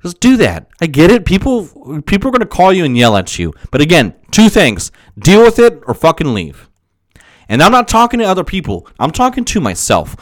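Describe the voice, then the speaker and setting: A young man rambles through his solo podcast, swearing freely, laughing often, and pep-talking himself. His high voice swings hugely in pitch and moves briskly, sounding worn and strained, recorded dry and close to the mic with no echo.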